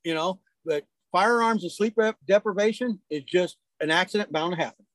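A man who works as a hunting guide, telling folksy, lively stories in a casual chat. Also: high-pitched, brisk, no echo. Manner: animated, folksy storyteller. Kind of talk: casual storytelling.

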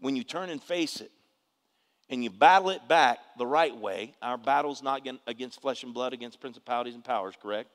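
A man's voice: mid-range voice, a little fast, fairly bright tone. A man preaching a sermon with personal testimony, emphatic and calling on the congregation for responses. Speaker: pastor. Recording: reverberant hall.

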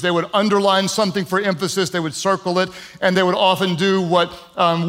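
High-voiced preacher, emphatic and conversational. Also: male voice, a bit bright. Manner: emphatic repetition with humorous asides; conversational, with frequent "um" fillers. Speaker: pastor. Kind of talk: sermon.

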